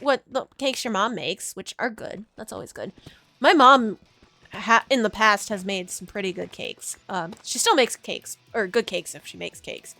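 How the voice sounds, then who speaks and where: A young woman streaming and chatting away to her viewers, her voice bright and a little high. She rambles and giggles, tripping over her own sentences, while soft music plays faintly behind her. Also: no echo. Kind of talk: casual livestream chat with chat.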